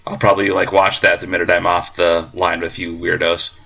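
A man's voice: deep voice, flat delivery, vocal fry, bright, forceful tone, lo-fi sound. A man co-hosting a podcast in casual chat, rambling with lots of fillers and restarts. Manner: rambling, halting with many fillers. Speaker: podcast co-host.

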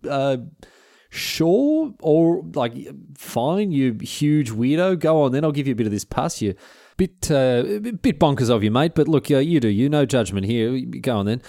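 A man's voice: mid-range voice, sing-song, moderate pace, mellow, no room sound, clean studio sound. A man voicing a blunt, earthy young milkmaid woman, with a slangy, incredulous manner.

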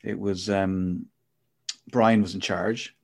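A man's voice: sits low, steady tone, takes it slowly, gravelly, darkish tone. A middle-aged man hosting a casual chat podcast, telling a reflective, rambling story. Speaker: podcast host.

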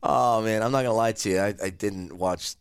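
A man co-hosting a casual sports talk show, animated and excitable, laughing often. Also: on the low side, brisk, smooth, no echo. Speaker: podcast co-host.

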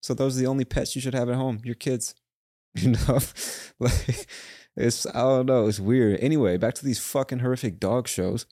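A man's voice: medium pitch, fairly even intonation, moderate pace, mellow, no echo, clean studio sound. A young man hosting a podcast, talking alone in a casual, rambling rant full of swearing. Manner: rambling, profane, ranting. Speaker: podcast host. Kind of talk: casual solo monologue.

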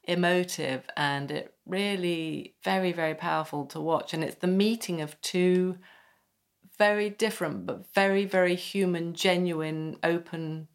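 A woman hosts an interview in a fairly low voice. She speaks reflectively and murmurs steady agreement while her guest talks. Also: a little slow. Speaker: interviewer host. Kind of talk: interview conversation.

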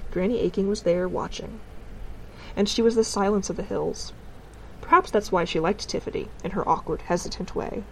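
Calm woman narrating a storybook. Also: medium pitch, a little hiss or hum, low-quality recording. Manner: calm, gently wry storytelling. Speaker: audiobook narrator.

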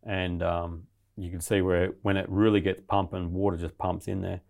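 Deep gravelly man telling a story. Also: level tone, normal speed, a little mellow. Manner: blunt, heavy swearing, rambling. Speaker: guest. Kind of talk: casual storytelling interview.

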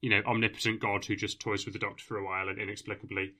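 Podcast guy, sharp bright voice, lots of yeah absolutely, explains stuff. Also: on the low side, level tone, racing, husky. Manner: agreeable, explanatory, many yeahs. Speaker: podcast co-host. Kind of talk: casual chat reviewing a TV episode.

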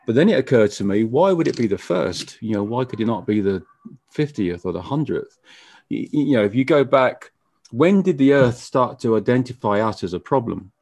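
A man being interviewed as a musician, talking casually in a halting way with frequent stammered restarts. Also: medium pitch, lively intonation, darkish tone, no echo. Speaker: musician guest.

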